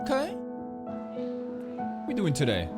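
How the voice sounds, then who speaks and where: A woman streaming her reaction to an anime episode, excitable and swearing freely as she comments. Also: lowish voice, measured pace, over music.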